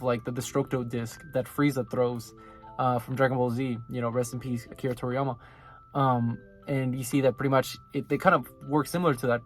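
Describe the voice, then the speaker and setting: Casting male anime reviewer, mid-range voice, loose chatty recap, laughs a lot. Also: mid-range voice. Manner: loose, filler-heavy, laughs often. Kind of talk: casual episode recap.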